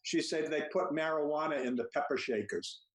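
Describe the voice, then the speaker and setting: A man's voice: on the high side, fairly quick. Wry man in an echoey room. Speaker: comedian. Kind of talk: comic storytelling on a video call. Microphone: video call. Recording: echoey room, faint noise.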